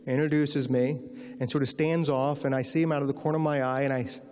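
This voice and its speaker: A man's voice: medium pitch, little pitch movement, fast, darkish tone. A man giving a lecture as an author, telling wry anecdotes to an audience and answering questions. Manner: wry, anecdotal, acts out quoted voices. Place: large lecture hall. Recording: reverberant hall.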